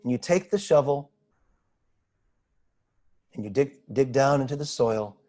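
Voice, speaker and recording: A man guiding a slow, pausing meditation over a video call, asking gentle questions. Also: medium pitch, expressive. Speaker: spiritual teacher. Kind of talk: guided meditation.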